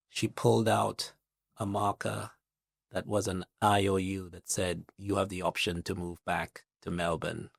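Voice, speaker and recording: A middle-aged man from Trinidad, a guest investor speaking in a measured, reflective interview manner, building his points with analogies and lists. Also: on the low side, vocal fry, dry recording, clean studio sound.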